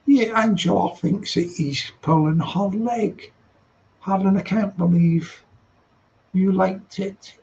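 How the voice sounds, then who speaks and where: A man's voice: sits high, a little slow, gravelly, mellow, dull audio. A man hosting a casual late-night live stream, reading out chat messages, teasing and laughing often.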